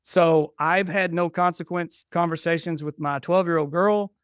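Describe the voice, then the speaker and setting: A man's voice: a little high, fairly even intonation, moderate pace, clear, resonant tone, no echo, clean studio sound. A man in his forties, a podcast guest, telling family stories casually and acting out what was said back and forth. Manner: chatty, restarts and quotes himself. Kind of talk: casual storytelling.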